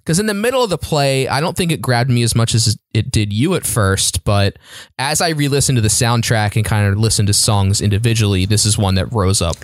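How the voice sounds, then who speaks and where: An enthusiastic male podcast co-host who repeats his words and fills pauses as he talks. The recording is dry and close, with no room sound. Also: fairly low pitch, no echo. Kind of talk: casual chat about a musical.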